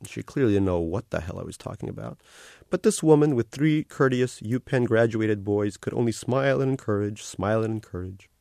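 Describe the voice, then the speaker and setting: A man reading aloud from his own novel, wry and deadpan, close to the mic. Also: fairly low pitch, brisk, vocal fry, no echo. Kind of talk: literary reading.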